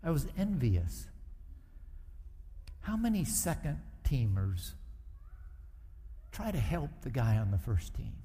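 A man's voice: mid-range voice, huge pitch swings, slow, pauses often, warm tone, big-room sound. A middle-aged male pastor preaching a sermon in a conversational way, with acted asides. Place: church sanctuary.

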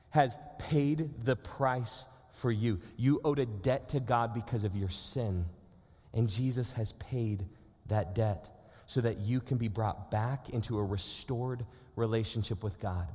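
A man's voice: mid-range voice, a little mellow. A man in his thirties preaching a sermon in an earnest, conversational way, acting out little quoted exchanges. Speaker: pastor. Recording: long hall reverb.

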